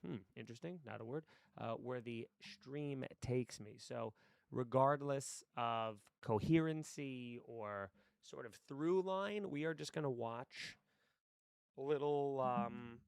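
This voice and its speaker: A man's voice: mid-range voice, slow, creaky, smooth, no echo, studio quality. Rambling, swearing male streamer. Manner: rambling, stream-of-consciousness talk, swearing freely. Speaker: streamer and actor. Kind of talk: casual live-stream chat. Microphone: desk mic with headphones.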